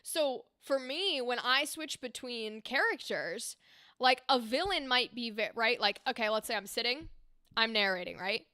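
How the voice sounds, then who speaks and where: A young woman voice actor chatting casually on a livestream, animated and explaining with demonstrations. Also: on the high side, unhurried, dry recording, studio quality. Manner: animated, talks with her hands, explains with demonstrations. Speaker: streamer and voice actor. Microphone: desk microphone.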